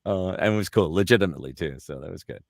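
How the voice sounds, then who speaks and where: Deep-voiced middle-aged man telling stories. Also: quick pace, vocal fry, dry recording, studio quality. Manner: animated anecdotes, slips into character voices for quotes. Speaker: voice actor guest. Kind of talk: casual storytelling chat.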